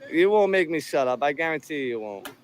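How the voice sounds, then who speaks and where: A man's voice: on the high side, lively intonation, a little fast. A man filming outdoors on a handheld phone, taunting people in a profane, combative way. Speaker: video host filming encounters. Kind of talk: confrontational street filming.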